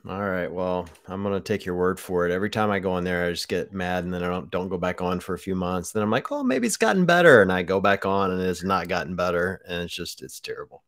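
A blunt, joking male podcast co-host who swears freely. His voice sits fairly low and sounds dry and close, with no room echo. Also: level tone, fast talker, hardly any pauses. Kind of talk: casual podcast chat.

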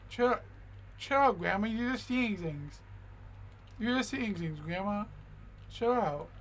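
A young man giving casual gameplay commentary as a gaming YouTuber. He is excitable, keeps talking to the game character, repeats himself, and says "yo" and "bro" a lot. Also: sits high.

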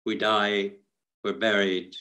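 An Irish priest leading the Stations of the Cross outdoors, speaking in a measured, prayerful manner. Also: male voice, lowish voice, flat delivery, pushed and bright, poor audio. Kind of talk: prayer meditation. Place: outdoors on a hillside.

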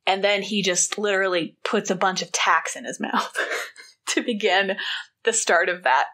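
Brief: woman podcast co-host, mid-pitched, wry and animated, casual chat. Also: normal speed. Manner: wry, animated storytelling with dry asides.

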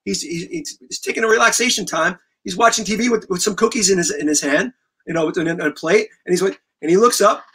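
A middle-aged man telling a story on a talk show guest spot, animated and vivid, swearing freely and acting out scenes. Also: high voice, quick pace, breathy edge. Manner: vivid, profane, acts out scenes. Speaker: guest musician.

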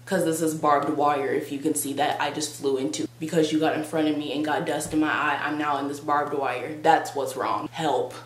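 A woman's voice: low voice, steady tone, fairly quick, few pauses. A young woman vlogger telling a comic story in a dramatic, sarcastic, exaggerated way. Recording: roomy with faint hum.

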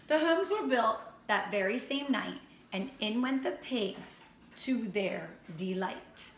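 A woman who teaches first grade, reading a picture book aloud to her class in a slow, expressive storybook manner. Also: on the high side. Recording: roomy echo, faint ambient noise.

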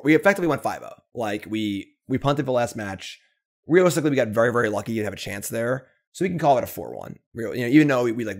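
Low, gravelly male host for casual card game commentary, slightly husky, theatrical in his gloom. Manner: mock-dramatic self-pity, then upbeat wrap-up. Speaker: Magic gameplay video host.

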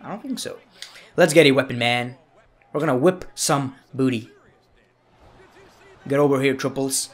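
A young man with a high, light voice talks over his wrestling game. He is goofy and playful, and keeps slipping into mock anger and shouted demands at the wrestlers. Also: lively intonation, a little slow, long pauses. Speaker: gaming YouTuber. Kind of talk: gameplay commentary.

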